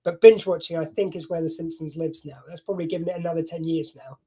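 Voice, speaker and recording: A man hosting a casual streamed chat, making dry, quick remarks. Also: on the high side, warm tone, slightly rough. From Britain.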